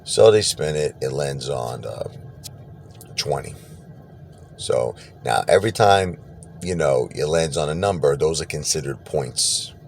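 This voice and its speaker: A man telling a personal story casually, animated, laughing and acting out what people said. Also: very deep voice, measured pace, vocal fry, slight background noise. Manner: animated, laughs and acts out quotes.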